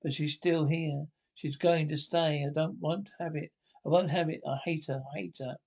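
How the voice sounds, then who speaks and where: A man's voice: fairly high pitch, fairly even intonation, normal speed, creaky, a little mellow. A man reading the part of a sweet-sounding but resentful young girl from a radio script, in his own plain voice. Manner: reads cues and parts in one plain voice.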